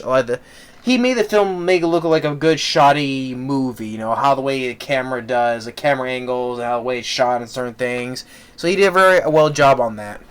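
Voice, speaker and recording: A man's voice: mid-range voice, fairly bright tone, smooth. A man giving a casual spoken movie review, rambling with many fillers and restarts.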